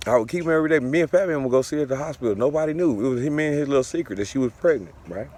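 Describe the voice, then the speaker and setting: A man's voice: medium pitch, lively intonation, very fast, a little mellow. A father telling a personal story in a casual, profane, repetitive way, looping back over the same phrases.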